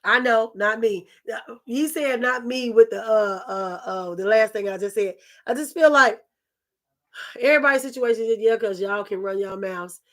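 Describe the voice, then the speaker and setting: Sassy high-voiced woman host. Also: normal speed, fairly bright tone. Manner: sassy, emphatic, calls listeners baby. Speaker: talk show host. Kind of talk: candid opinion talk.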